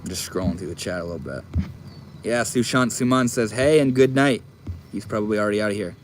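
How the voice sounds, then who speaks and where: A man's voice: on the low side, lively intonation, brisk, noisy background. Laid-back swearing man on a live stream. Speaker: live streamer reading chat. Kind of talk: casual live stream chat.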